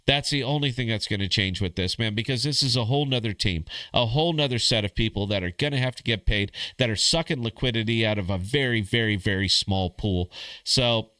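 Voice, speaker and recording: A man's voice: on the low side, brisk, bright, forceful tone, no room sound. A man hosting a podcast in a crude, sardonic casual rant, calling listeners "man" and "brother". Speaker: podcast host.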